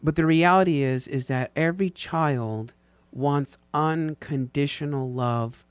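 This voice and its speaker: A man's voice: a little high, a little slow, clear, resonant tone, no room sound. A man co-hosting a casual chat, talking earnestly and bluntly, swearing casually. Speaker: co-host.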